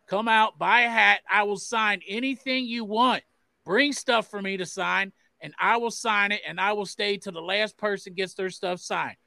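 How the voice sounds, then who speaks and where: A man's voice: fairly even intonation, moderate pace, creaky, dry recording, full character voice. Man doing a brash Cincinnati-accented player hype. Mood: hyped. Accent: put-on Cincinnati. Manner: loud, swearing, pitchman cheer. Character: brash male football player hyping a fan event.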